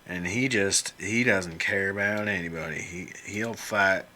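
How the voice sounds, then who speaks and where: A man's voice: deep voice, unhurried, pushed and bright. A man casually narrating as he draws characters on a computer, rambling and joking to himself with some mild swearing. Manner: rambling, jokey self-talk with mild swearing. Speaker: illustrator drawing on screen. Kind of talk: casual commentary while drawing.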